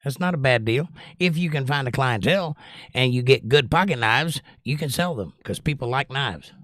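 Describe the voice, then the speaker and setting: A man's voice: medium pitch, normal speed, dry recording, clean studio sound. An older man hosting a music livestream, reading viewers' comments aloud in a casual, joking way. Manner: animated, reads chat aloud and jokes.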